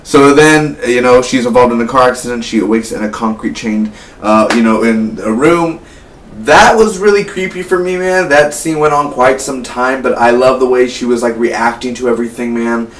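An eighteen-year-old man giving a casual, rambling spoiler review of a film. He gets excited and keeps tossing in "man" and "like". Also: mid-range voice, normal speed. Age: late teens. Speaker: movie reviewer. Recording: echoey room, mic at a distance, faint hum.

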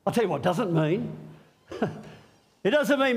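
Preaching on Easter, this middle-aged pastor speaks at a measured pace in a high-pitched voice. He's animated and playful, cracking jokes and engaging the congregation directly.

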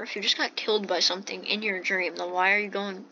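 A woman's voice: mid-range voice, steady tone, fast, few pauses, bright, forceful tone. A woman hosting a gameplay video, reading the on-screen text aloud and asking puzzled questions about what she sees. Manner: reads game text aloud with puzzled remarks. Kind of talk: casual game commentary. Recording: dull lo-fi mic with faint hiss.

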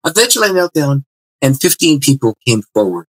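A man, a guest author, telling his faith testimony in an interview with animated delivery and frequent restarts. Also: mid-range voice, brisk, dry recording, rough recording. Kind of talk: interview storytelling.

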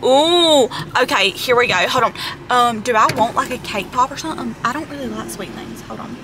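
A woman's voice: fairly high pitch, expressive, a little fast, background noise. A young woman chatting casually to her camera from inside her car, chatty and self-deprecating, with lots of fillers. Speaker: vlogger. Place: inside a parked car in a drive-thru line. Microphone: handheld camera close up.

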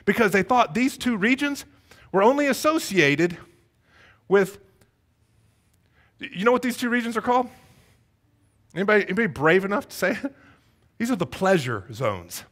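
A man's voice: sits high, big pitch swings, normal speed, long pauses, a bit bright. A man pastor preaching a sermon, asking the congregation one rhetorical question after another. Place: church sanctuary.

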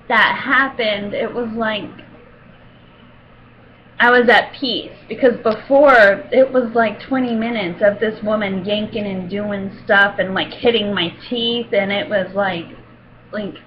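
A woman sharing a Christian testimony in a casual, rambling way, with many fillers and soft laughs. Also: mid-range voice, dull audio, slight background noise.

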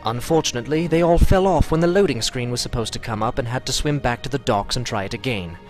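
A man's voice: medium pitch, fast, soft background music. A man narrating a comedy fantasy podcast drama in a playful, mock-epic storytelling manner.

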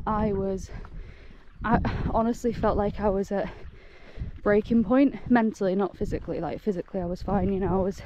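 A woman's voice: mid-range voice, warm tone, a little hiss or hum. A woman out of breath as she hikes, talking casually to camera in a giddy, gushing way with frequent laughter. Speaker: solo hiking vlogger. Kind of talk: casual talk to camera while walking. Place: outdoors on moorland trail.

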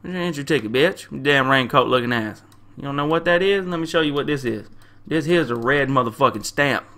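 Young male gamer, mid-pitched and bright, crude trash-talking commentary. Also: lively intonation, a little fast. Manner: loud, crude trash talk at game characters; slangy, repeats himself. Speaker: gamer playing a game. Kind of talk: profane casual gameplay commentary.

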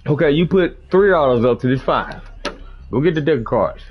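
A man gives loud, casual gaming commentary, his pitch jumping all over as he jokes and swears at his teammates. His voice comes through a slightly muffled recording. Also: animated, fairly quick. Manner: loud joking trash talk, swearing. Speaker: gamer.

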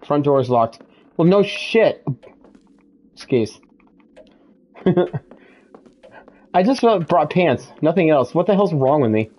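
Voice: medium pitch, expressive, slow, pauses often, dark tone. A streamer playing a horror game live, panicking, swearing nonstop and yelping between nervous laughs.

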